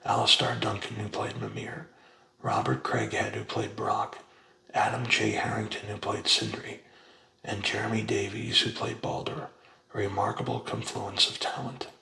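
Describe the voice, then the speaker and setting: A man reading a book aloud in a soft, unhurried ASMR whisper. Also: lowish voice, flat delivery, vocal fry, echoey room, a little hiss or hum, low-quality recording. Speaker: ASMR reader.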